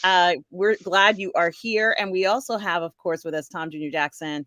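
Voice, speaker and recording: A woman's voice: lowish voice, moderate pace, fairly bright tone, no room sound, studio quality. A woman hosting a casual live-stream chat show, upbeat, welcoming guests and reading viewer comments aloud. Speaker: host.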